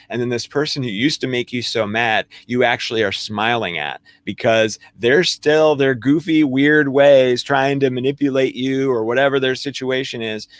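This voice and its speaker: A man's voice: mid-range voice, dry recording. Earnest man explaining self-help. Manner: earnest, explanatory, acts out inner dialogue. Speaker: co-host. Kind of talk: spiritual self-help conversation.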